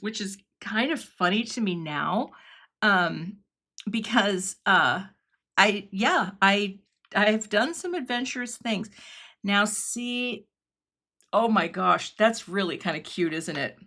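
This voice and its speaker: A woman's voice: mid-range voice, bright, forceful tone. A woman hosting a live craft stream, chatting and thinking aloud as she works and thanking viewers in the chat. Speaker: craft livestream host.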